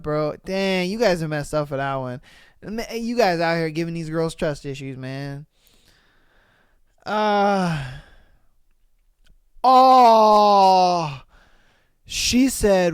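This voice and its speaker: A podcast host reads out online posts and reacts with animated, profane comedic commentary. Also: medium pitch, slow pace, long pauses, smooth, no room sound, clean studio sound.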